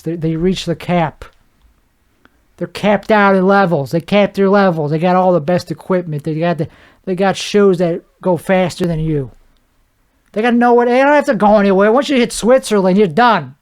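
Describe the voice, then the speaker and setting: A man's voice: high voice, normal speed, darkish tone, smooth. A man hosting a solo podcast, riffing comedically in a rambling way, with stammered restarts and mouth sound effects. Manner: frequent restarts and stammered repeats. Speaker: podcast host.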